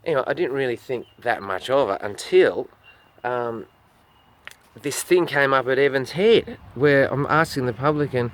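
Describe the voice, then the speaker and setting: A man's voice: mid-range voice, expressive, normal speed, a little hiss or hum. An Australian man telling a long, rambling story straight to camera, swearing freely and acting out what other people said. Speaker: street performer with a goat.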